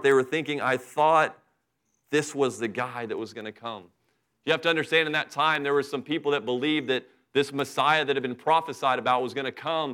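A middle-aged man delivers a sermon in a relaxed, conversational way and speaks straight to his congregation. His voice sits a little above the usual male range. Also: a little high. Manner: conversational preaching, acts out Bible characters in asides. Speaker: pastor.

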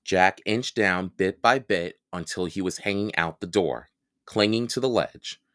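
A man reading a children's book aloud for a podcast, expressive and unhurried. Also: low-pitched. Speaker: podcast storyteller.

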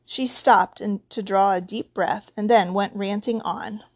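A woman reads a storybook aloud, narrating with a steady, expressive delivery. Her voice sits at a middle pitch for a woman. She moves calmly through the scene between the characters' lines. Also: a little slow. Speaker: audiobook narrator.

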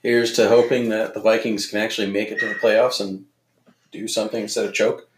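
A man's voice: on the low side, flat delivery, a little fast, reverberant, slight background noise. A man co-hosting a casual family podcast, teasing and cracking jokes. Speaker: podcast co-host.

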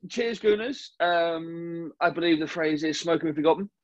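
A man's voice: fairly high pitch, flat delivery, normal speed, no room sound, lo-fi sound. A man hosting a casual solo podcast from home, talking frankly and rambling a little. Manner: rambling, self-aware, frank. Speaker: podcast host. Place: home, at night. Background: neighbour's car revving.

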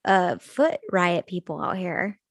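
A woman's voice: fairly low pitch, expressive, slow, gravelly, crowd noise. A young woman co-hosting a podcast, laid-back in casual chat and swearing casually. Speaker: podcast co-host.

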